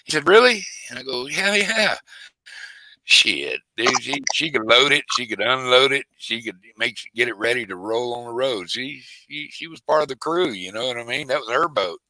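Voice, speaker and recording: A man's voice: medium pitch, expressive, fairly quick, few pauses, pushed and bright, no echo, poor audio. A man telling a rambling fishing story in casual chat, with lots of restarts. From Texas. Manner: rambling, drawling, many restarts.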